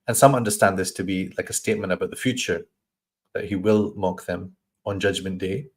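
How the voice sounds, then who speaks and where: Lower-pitched man teaching scripture, thoughtful. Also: fairly even intonation. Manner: thoughtful, stops to search for words, acts out voices in quoted lines; recites Arabic verses in a quick flowing chant. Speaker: Quran teacher. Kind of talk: scholarly explanation in a study session.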